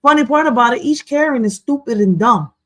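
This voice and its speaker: A woman's voice: fairly high pitch, brisk, no room sound, low-quality recording. Slangy woman reacting casually. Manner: profane, slangy, animated, frequent "yo". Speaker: reaction video host.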